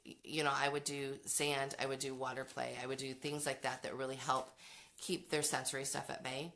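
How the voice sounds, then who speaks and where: Woman, middle-aged, parenting host, casual advice talk, frank, chatty, low-pitched, bright. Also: level tone, brisk. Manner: chatty and frank, with many fillers and restarts. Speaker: parenting educator hosting a show.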